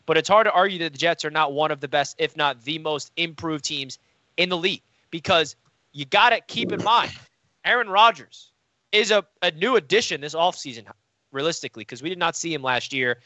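A man's voice: a little high, fairly quick, bright, forceful tone, no room sound. A man co-hosting a casual sports debate, boastful and teasing as he argues for his team. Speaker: sports podcast co-host, Jets fan.

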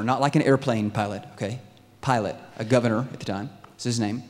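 A male pastor preaching a sermon, animated, often asking the congregation questions. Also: medium pitch, fairly quick, few pauses, big-room sound. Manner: animated, asks the crowd questions.

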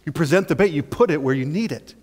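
A male pastor preaching a sermon in an animated way, acting out little scenes and often checking in with "right?". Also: a little high, fast. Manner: animated, acts out scenes, keeps asking "right?". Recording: long church-hall reverb.

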